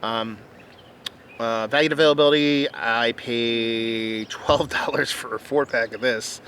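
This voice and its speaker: A man's voice: mid-range voice, fairly even intonation, a little slow, a bit bright. Male beer reviewer, casual and chatty, talks to camera outdoors and often restarts himself; faint background noise. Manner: rambling, chatty, stumbles and restarts. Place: outdoors at a rural home. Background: birds and outdoor sounds.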